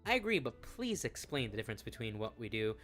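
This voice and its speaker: A man's voice: mid-range voice, very animated, fast, fairly bright tone, soft background music. A man doing commentary, reading messages aloud in a mocking tone and swearing freely. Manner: profane, sarcastic, laughing often. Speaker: commentary YouTuber.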